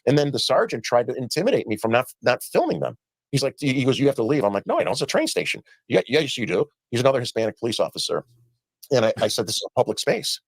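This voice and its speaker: A gravelly, sing-song man's voice of medium pitch, dryly recorded, rushes through personal stories in a played interview while acting out the quoted dialogue.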